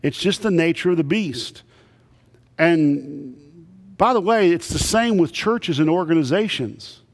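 A man's voice: fairly high pitch, expressive, measured pace, gravelly. A man preaching a sermon to a congregation, telling folksy, humorous stories. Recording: long reverb of a big hall.

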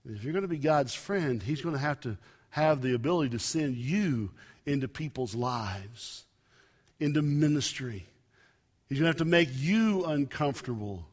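A man preaching a sermon, with emphatic loud rises and soft drops. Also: mid-range voice. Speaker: pastor. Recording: long reverb of a large hall.

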